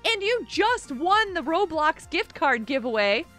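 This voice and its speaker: Woman streamer, very high bright voice, giggly and lively, chatty with viewers, soft music underneath. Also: unhurried. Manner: bubbly, giggly, reads chat aloud. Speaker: live streamer. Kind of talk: casual live-stream chat. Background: faint music.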